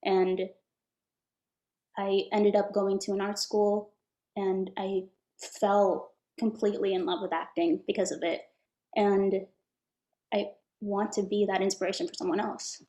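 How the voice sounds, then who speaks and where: A woman's voice: medium pitch, little pitch movement, measured pace, pauses often, warm tone. A woman answering interview questions as an actress, in an earnest and enthusiastic way. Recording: echoey room.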